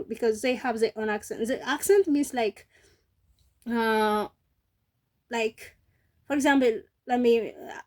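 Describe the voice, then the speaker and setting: A woman's voice: fairly high pitch, a little mellow. A woman learning English, talking casually to camera and giving earnest advice, with many fillers and restarts. English is not her first language.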